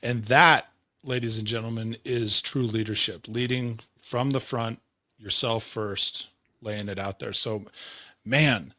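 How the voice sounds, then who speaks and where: An enthusiastic man hosts a leadership podcast and warmly closes out the episode. His voice has a bright, forward edge. The sound is close and dry, with no room echo. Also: mid-range voice, steady tone, measured pace. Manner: enthusiastic, effusive praise. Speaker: podcast host. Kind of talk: interview wrap-up.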